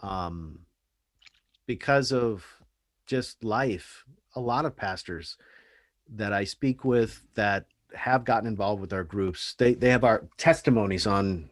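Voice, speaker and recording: A man telling stories in a casual podcast chat, animated and earnest. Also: fairly low pitch, slow pace, no room sound, clean studio sound.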